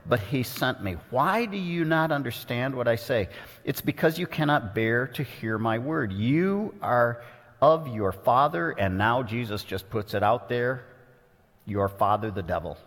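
A man preaches in an earnest, pointed way, walking through scripture line by line. His voice sits at an ordinary middle pitch. It rings out with the long reverb of a large hall. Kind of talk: expository sermon.

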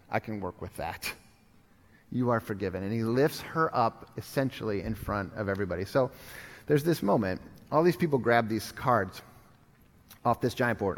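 A male pastor preaching a sermon, telling a story with animated swings from urgent loud appeals to hushed, quiet moments. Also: a little high, long reverb tail. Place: church sanctuary.

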